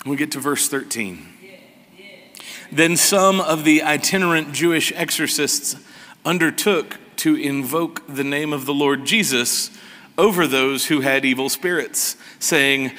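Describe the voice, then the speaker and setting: Pastor, sermon, unhurried, slightly higher voice, reverberant hall. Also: male voice, pushed and bright. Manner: slow, sarcastic, emphatic preaching.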